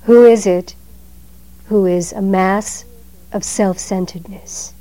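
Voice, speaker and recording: A woman giving a Zen dharma talk in a measured, emphatic way, letting her phrases trail off softly. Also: medium pitch, steady tone, a little hiss or hum, poor audio.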